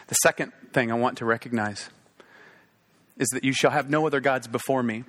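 A man's voice: mid-range voice, steady tone, fairly quick, fairly bright tone. A man preaching a sermon, earnest and emphatic, repeating phrases for stress. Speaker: pastor.

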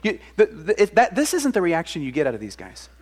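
A man's voice: on the high side, wildly swooping pitch, brisk, darkish tone. A man preaching a sermon as pastor, speaking earnestly and conversationally, often restarting his phrases. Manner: conversational, earnest, with many restarts and acted quotes.

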